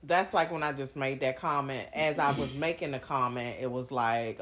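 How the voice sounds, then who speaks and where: A reflective woman in casual conversation, thinking aloud about her own words with some self-criticism. Her voice is unusually deep for a woman. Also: fairly even intonation, normal speed, a bit bright. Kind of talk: candid casual chat.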